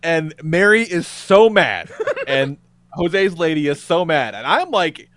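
A man co-hosting a podcast, telling a story in casual chat with lively, profane flair. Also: fairly high pitch, slow pace, dry recording. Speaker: podcast co-host.

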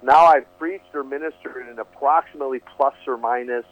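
A man's voice: mid-range voice, a little fast, dry recording. An earnest man recounts his testimony as an interview guest, circling back and repeating words as he finds his thread. He sounds thin and tinny, like he is calling in on a phone line. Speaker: guest, preacher. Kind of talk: storytelling testimony.

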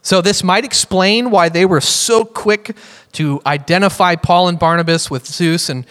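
A man's voice: high voice, unhurried, a bit bright. A man preaching a sermon in a casual, joking way as he teaches from the Bible. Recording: reverberant hall.

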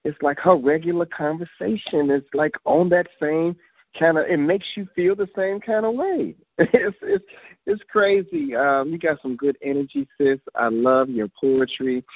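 A man's voice: fairly high pitch, moderate pace, no room sound. A man hosting a call-in poetry radio show, chatting casually and loosely. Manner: relaxed, repeats "you know what I'm saying". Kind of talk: casual chat. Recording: phone line.

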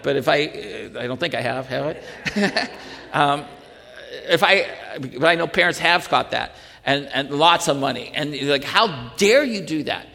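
Male pastor, slightly high voice, earnest sermon full of rhetorical questions, recorded with a long hall echo. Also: gravelly, bright, forceful tone.

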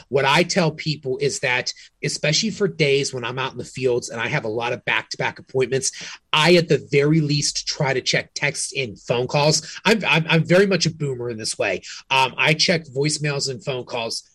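A man's voice: mid-range voice, normal speed, a bit bright, husky, dry recording. A man co-hosting a real estate podcast, talking frankly and casually, often restarting his sentences. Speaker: realtor podcast co-host.

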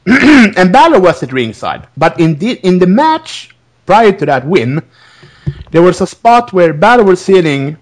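A man's voice: sits high, sing-song, unhurried. A man hosting a podcast, recapping wrestling in a rambling, casual way, laughing often between restarts. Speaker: podcast host.

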